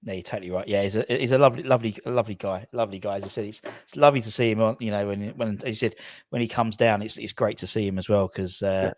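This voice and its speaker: A man's voice: on the low side, fairly even intonation, fast, a little hiss or hum. Enthusiastic male fan-channel host. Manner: enthusiastic, reading viewer questions. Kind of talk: casual live chat.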